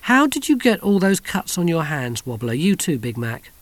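A man reading aloud, voicing a quiet, thoughtful teenage boy. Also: on the high side, big pitch swings, moderate pace. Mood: urgent.

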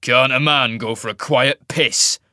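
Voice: medium pitch, steady tone, measured pace, bright, forceful tone, no echo, studio quality. A narrator voicing a surly wolf man who snarls his coarse lines. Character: gruff older werewolf man, surly.

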